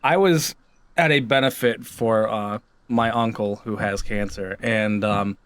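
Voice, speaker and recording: A young man co-hosting a casual podcast, telling stories and acting out relatives in high voices. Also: measured pace, a little hiss or hum. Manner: animated storyteller, mimics relatives in high voices. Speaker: podcast co-host. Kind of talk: casual chat.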